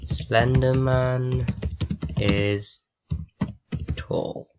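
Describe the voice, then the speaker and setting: Casting: young guy, unhurried sarcastic vlog chat, dull lo-fi laptop sound. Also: medium pitch, fairly even intonation, noisy background. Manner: sarcastic, swears, reads typed questions aloud. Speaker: vlogger. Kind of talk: casual chat with a chatbot.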